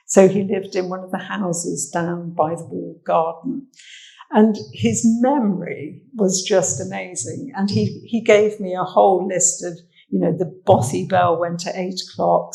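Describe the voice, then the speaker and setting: Gravelly English woman telling stories. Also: lowish voice, poor audio. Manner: chatty, anecdotal, warm storytelling with fillers. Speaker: social history researcher. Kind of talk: armchair talk presenting photos. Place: indoor talk venue.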